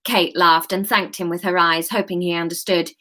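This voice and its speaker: A woman's voice: fairly low pitch, fairly even intonation, normal speed, sharp tone. A woman reading her own novel aloud on a live stream, chatty and self-mocking between passages.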